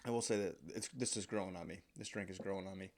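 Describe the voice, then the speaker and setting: A man's voice: deep voice, fairly even intonation, fast talker. A man hosting a podcast, telling a comic personal story in a profane, self-mocking, rambling way. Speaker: podcast host.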